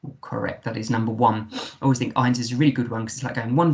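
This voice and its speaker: A man's voice: mid-range voice, fast talker. A man with an English accent, a primary school teacher giving a recorded remote lesson, patiently sounding out words letter by letter.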